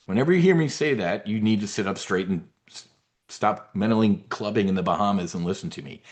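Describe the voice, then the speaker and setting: Brief: cocky male market commentator, rambling, full of himself, off-the-cuff delivery. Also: mid-range voice. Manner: brash, boastful, rambling. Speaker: trading newsletter host.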